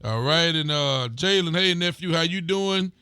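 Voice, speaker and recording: Man, local sheriff host, clear voice in a dry studio, folksy viewer shout-outs. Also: on the high side, normal speed, no room sound. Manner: relaxed, folksy, greets viewers by name. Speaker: sheriff hosting a local talk show. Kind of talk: casual live-stream chat reading viewer comments.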